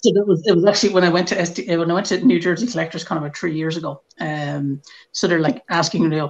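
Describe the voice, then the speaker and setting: An Irish podcast co-host from Ireland tells a casual anecdote in an animated way, acting out the shouted quotes. His voice is a little high and fast.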